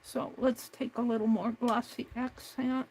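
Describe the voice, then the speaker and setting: A woman's voice: a little high, flat delivery, measured pace, gravelly, noisy background. A woman hosting a craft livestream, talking herself through each step at her home desk. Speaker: craft channel host. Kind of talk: casual crafting livestream narration.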